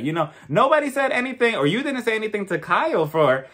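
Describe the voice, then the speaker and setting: A man with a fairly high voice recaps a reality show, sassy and gossipy. His delivery is casual and animated, full of asides as he gives his opinions. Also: fast, few pauses. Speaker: reality TV reviewer. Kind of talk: casual commentary.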